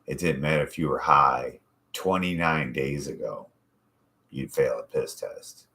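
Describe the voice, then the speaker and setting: A man's voice: extremely low pitch, measured pace, pushed and bright. A man hosting a casual chat show, telling profane, rambling stories from his life. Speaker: podcast host.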